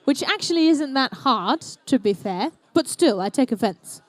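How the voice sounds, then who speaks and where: A woman's voice: high-pitched, lively intonation, moderate pace, dry recording. A young woman doing live, playful, chatty commentary at an indoor competition. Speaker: event commentator.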